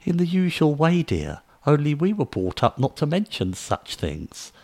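A man's voice: a little high, very animated, moderate pace, a little mellow, voice pushed up. A man doing a prim, flustered old lady. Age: older. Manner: stiff, prudish and flustered. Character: prim, easily shocked elderly lady.

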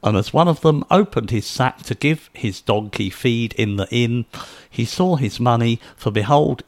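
A man reading scripture aloud in a measured, solemn narration. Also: mid-range voice, no echo. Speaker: scripture reader.

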